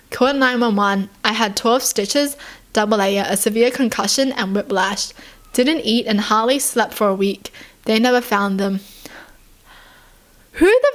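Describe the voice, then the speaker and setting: A young woman from Australia, with a voice on the higher side, reads stories aloud to her viewers. She breaks off to react with exasperated remarks and heavy sighs. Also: a bit bright. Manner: indignant outbursts and sighs between readings. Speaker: YouTuber.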